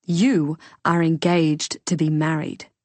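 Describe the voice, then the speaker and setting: Audiobook: woman doing a stern elderly mum, slow and severe, low voice, dry booth. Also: little pitch movement, a little mellow, no room sound. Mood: disapproving. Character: frail elderly mother, stern and disapproving.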